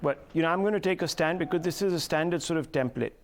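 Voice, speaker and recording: A man moderates a televised news panel, his voice sitting slightly high. He talks assertively and cuts in to steer the guests along. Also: fast. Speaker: news debate host.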